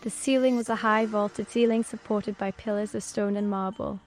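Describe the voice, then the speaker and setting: A woman's voice: medium pitch, steady tone, moderate pace. A woman reading a fantasy audiobook as first-person scripted narration, telling it evenly and unhurriedly. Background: soft background music.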